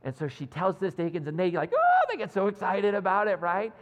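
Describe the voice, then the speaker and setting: A man's voice: high-pitched, a little fast. A male pastor giving a sermon in a church, telling a story in a conversational, self-deprecating way. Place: church sanctuary. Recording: long hall reverb.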